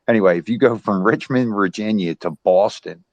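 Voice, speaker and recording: Animated lower-voiced man, dry sound. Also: brisk, dry recording, muffled recording. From US East Coast. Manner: animated, repeats himself, lots of "right?". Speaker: participant in an online audio space. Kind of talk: casual chat.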